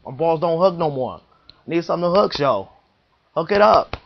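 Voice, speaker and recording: A man voicing a brash young male bowler who talks in loud street slang and demands a ball that hooks, on a dull lo-fi recording. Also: on the high side, expressive, moderate pace, creaky, pitched above the performer's own voice.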